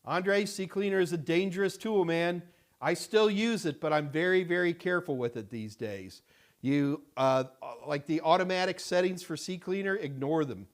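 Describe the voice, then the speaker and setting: A middle-aged man hosts a casual live-stream question-and-answer session from a studio. His voice sits a little high for a man. He talks in a loose, rambling way, full of fillers and restarts. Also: normal speed. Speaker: host answering viewer questions.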